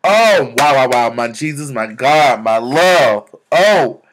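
A young man vlogging about faith, exclaiming and repeating words in bursts of excitement, talking into a camera. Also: medium pitch, takes it slowly. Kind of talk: excited spiritual vlog testimony.

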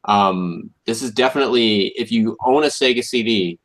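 A man's voice: fairly low pitch, moderate pace, fairly bright tone. A man co-hosting a podcast, reviewing a retro game in an easygoing way with many ums and uhs. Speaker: podcast co-host. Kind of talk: casual chat.

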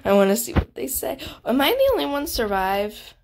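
A female YouTuber giving casual gameplay commentary, excitable and giggly, gasping and chatting straight to her viewers. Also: high voice, normal speed, gravelly, slight background noise. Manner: excitable and giggly, gasps and squeals; chatty, speaks directly to viewers. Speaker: gaming YouTuber.

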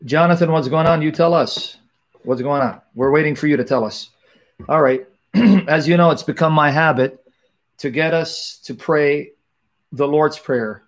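A man's voice: on the high side, normal speed. A middle-aged man hosting a live online talk, joking casually with viewers and then praying fervently in long, repetitive invocations. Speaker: livestream host.

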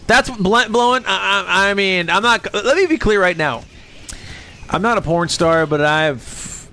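A man in his thirties live-streaming a game, rambling and swearing casually, and jumping into high squeaky voices when he quotes people. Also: fairly bright tone, slight background noise. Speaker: livestreamer. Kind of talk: rambling casual chat while gaming.

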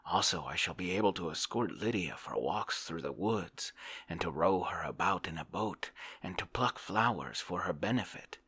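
A man's voice: low-pitched, expressive, normal speed, pushed and bright, slightly rough, exaggerated voice. A man voicing a busy, chatty young male socialite in a whispered role-play, eagerly listing his plans.

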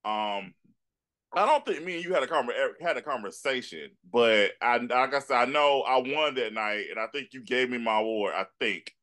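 Bright-voiced male interview host. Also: mid-range voice, animated, normal speed. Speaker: podcast host. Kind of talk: casual interview chat.

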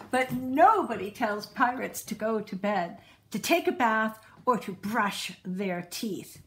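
A woman storyteller reading a children's storybook aloud in an unhurried, expressive way. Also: fairly high pitch.

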